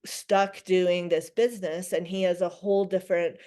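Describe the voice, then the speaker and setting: A middle-aged woman with a smooth, clear voice pitched a little low. She talks as a podcast guest, thinking aloud, restarting phrases and quoting her own inner talk. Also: flat delivery, normal speed, dark tone. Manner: reflective, many restarts and quoted self-talk. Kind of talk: conversational interview.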